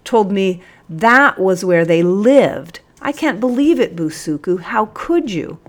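A woman voicing a bossy male police sergeant who bellows slow, drawn-out commands in a storybook reading. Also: medium pitch, fairly bright tone, close to an everyday voice. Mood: angry.

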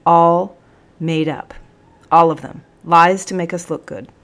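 A weary male captain from a storybook, dry and blunt in his words, voiced by a woman reader. He speaks wryly, with little lift in his voice. The tone sits somewhat low. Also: steady tone, measured pace, a bit bright. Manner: wry, blunt. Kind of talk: storybook reading.

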